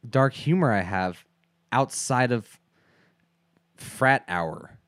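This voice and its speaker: A man's voice: mid-range voice, animated, slow pace, fairly bright tone, no room sound, studio quality. A man co-hosting a casual podcast, often hesitating and repeating words as he talks. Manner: hesitant, repeating himself with fillers. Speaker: podcast co-host. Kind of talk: casual chat.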